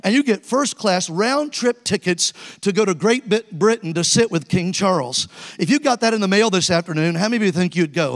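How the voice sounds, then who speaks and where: In a church sanctuary, an evangelist in his sixties tells stories from the pulpit and calls out to the congregation during his sermon. He has a high-pitched voice, and the recording carries a big-room sound.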